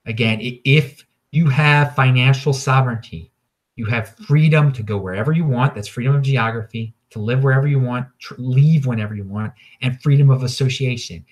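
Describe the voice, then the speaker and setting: A man's voice: medium pitch, normal speed. A man hosting his own show, talking in a rambling, opinionated solo monologue full of restarts and repeated words. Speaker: podcast host.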